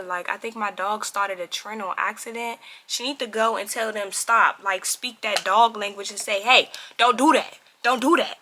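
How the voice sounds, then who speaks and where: A young woman telling a casual storytime to camera, animated and constantly addressing viewers as y'all. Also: medium pitch. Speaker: vlogger.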